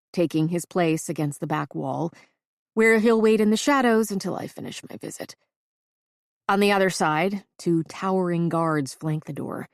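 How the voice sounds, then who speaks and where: A woman narrating a first-person audiobook in a measured, even reading. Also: on the low side, no echo, studio quality.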